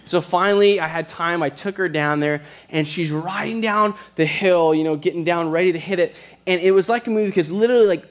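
Man preaching a conversational sermon. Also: on the high side. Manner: conversational, storytelling with quick asides. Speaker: pastor.

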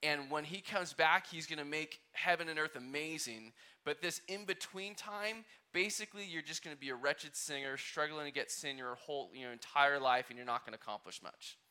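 A man's voice: a little high, normal speed, few pauses, pushed and bright, smooth. A male pastor preaching a conversational sermon, asking the congregation questions and acting out quotes.

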